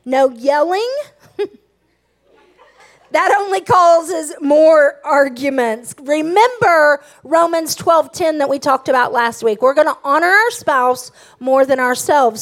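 A woman in middle age gives a sermon on marriage. Her voice sits very high, and she talks with emphatic, passionate candor. She is open about her own faults as she teaches. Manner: emphatic, passionate, self-revealing. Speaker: pastor's wife and co-pastor.

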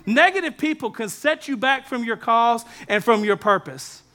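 A man delivers a sermon as pastor, talking straight to his congregation. His voice sits very high with a bright, forceful edge. He is lively, mixing jokes and asides into the preaching. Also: normal speed.

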